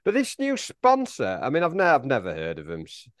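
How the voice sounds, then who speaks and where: A man co-hosting a casual football podcast, talking in halting bursts with frequent restarts and chuckles. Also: medium pitch, huge pitch swings, no room sound, clean studio sound. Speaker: podcast co-host.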